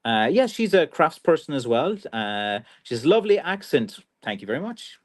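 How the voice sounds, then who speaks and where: A man's voice: fairly high pitch, sing-song, moderate pace. A man with a Kerry Irish accent hosting a live stream, chatting casually and reading out viewer comments with rambling restarts and lots of fillers. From Ireland.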